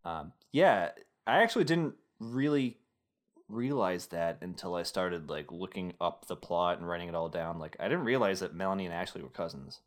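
A man's voice: deep voice, expressive, moderate pace. A young man hosting a casual podcast, recapping a film with rambling filler-heavy asides and jokes. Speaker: podcast host summarizing a film. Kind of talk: casual chat.

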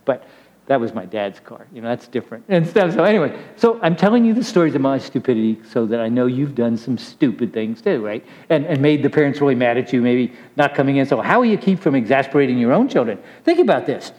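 A middle-aged man gives a relaxed sermon to a young crowd, telling stories against himself in a chatty way. His voice sits at an ordinary pitch, and the recording sounds dull and lo-fi. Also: in a large hall. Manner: chatty and self-deprecating, laughs at his own stories. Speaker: preacher. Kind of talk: casual storytelling sermon to young people.

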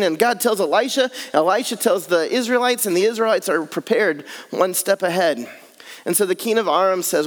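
High-voiced preacher in a reverberant hall. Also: male voice, a little fast. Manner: earnest, builds repetitive lists. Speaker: pastor. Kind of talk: sermon.

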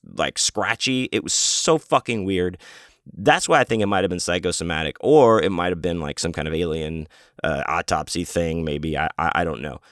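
A man with a very low, smooth and resonant voice talks in a loose, rambling monologue, cutting himself off and swearing as he goes. The sound is dry and close, with no room around him. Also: a bit bright, no echo. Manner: rambling, profane, self-interrupting. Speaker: podcast host and author. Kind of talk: casual storytelling monologue.

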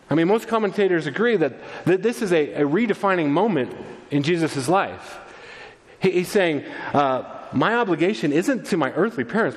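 A man preaching a sermon, animated and conversational, acting out quoted voices as he tells the story. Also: on the high side, long reverb tail. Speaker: pastor.

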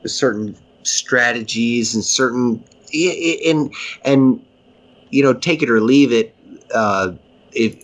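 Rambling, enthusiastic male podcast host. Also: mid-range voice. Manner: rambling, restarts often, enthusiastic. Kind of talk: casual chat.

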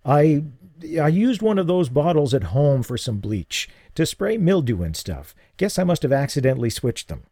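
A narrator plays a tired middle-aged father with a gentle, wry way of talking. The voice sits warm and low in tone. It is recorded dry and close. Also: big pitch swings, normal speed, no room sound. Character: weary middle-aged father, radio host.

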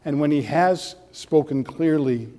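A pastor delivers an earnest sermon at a measured pace, leaning on rhetorical questions and building to animated stretches. His voice sits a little high for a man. A long reverb trails each phrase, as in a church hall.

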